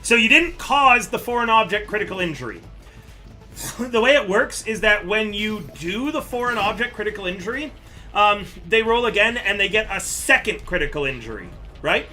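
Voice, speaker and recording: Brief: male game master, high and very bright voice, laughs a lot while narrating. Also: normal speed, soft background music. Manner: animated, laughs often between rules explanations. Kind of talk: running a tabletop game on a live stream.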